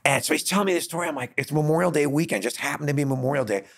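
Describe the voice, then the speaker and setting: A middle-aged man hosting a podcast, telling a story in a casual, animated way and acting out the dialogue. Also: on the high side, rapid-fire. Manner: animated, acts out dialogue in quotes. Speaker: podcast host. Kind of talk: conversational storytelling.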